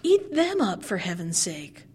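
A woman's voice: expressive, measured pace. A woman doing a screeching ungrateful dwarf. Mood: shrill angry. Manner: shrill, screaming, scolding.

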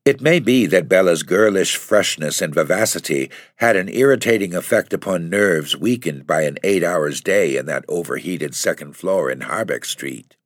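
A man narrating a classic novel as an audiobook in a measured, even storytelling voice. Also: low-pitched, no room sound, clean studio sound. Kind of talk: scripted narration.

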